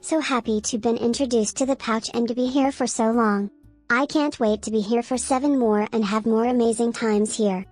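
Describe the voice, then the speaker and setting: A text-to-speech woman's voice reading out viewer chat messages in an even way. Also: on the high side, normal speed, soft background music.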